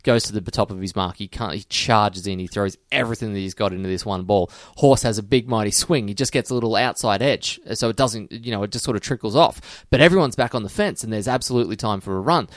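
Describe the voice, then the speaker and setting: An Australian man co-hosting a casual podcast, telling jokes with big swings of pitch. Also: fast talker, few pauses, no room sound, studio quality. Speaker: podcast co-host.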